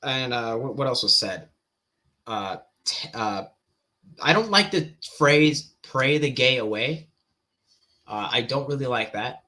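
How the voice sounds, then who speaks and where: A man's voice: medium pitch, lively intonation, unhurried, long pauses, sharp tone. A man giving casual, hesitant reaction commentary on a street preaching clip as a Christian apologetics commentator. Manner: hesitant, many restarts and fillers.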